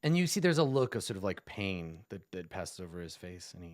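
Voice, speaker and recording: A man in a low register narrates a tabletop game as game master. His delivery is hesitant and loose, full of fillers, and the sound is dry and close. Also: big pitch swings, brisk, few pauses, no room sound. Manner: hesitant, filler-heavy narration, laughs often.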